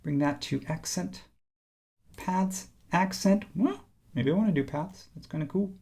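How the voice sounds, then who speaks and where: A man teaching a software design tutorial, thinking aloud casually as he works on screen. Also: high-pitched, a little slow, vocal fry, breathy edge. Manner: relaxed, thinking aloud while working. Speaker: instructor.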